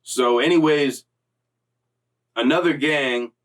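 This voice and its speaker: A man's voice: mid-range voice, slow pace, fairly bright tone, far from the mic, low-quality recording. A young man casually telling a story in streetwise slang, profane, loose and rambling, recorded slightly off-mic.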